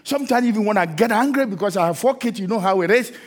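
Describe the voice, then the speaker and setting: Husky-voiced man preaching with sung refrains. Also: sits high, lively intonation, fast talker. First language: not English. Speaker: pastor. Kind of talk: sermon.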